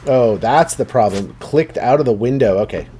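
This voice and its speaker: A man's voice: mid-range voice, expressive, moderate pace, mellow, a little hiss or hum. A man chatting casually while streaming a game, rambling and talking to his viewers. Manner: rambling, chatty, many fillers and restarts.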